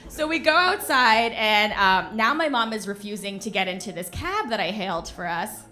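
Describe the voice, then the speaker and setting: A young woman telling a comedic story on a stage in front of an audience, animated, punchy and often laughing. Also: medium pitch, normal speed, faint music behind. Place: stage of a live venue before an audience.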